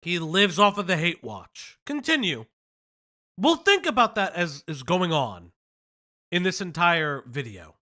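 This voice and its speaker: Man, stream co-host, sarcastic, lively pitch, bright. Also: a little slow. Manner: mock-sarcastic, animated. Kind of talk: live reaction stream.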